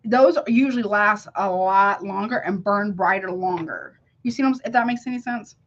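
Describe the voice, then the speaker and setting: A woman's voice: medium pitch, normal speed, dull audio. A woman giving a casual tarot reading, emphatic and slangy, who keeps checking "you see what I'm saying?". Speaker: tarot reader.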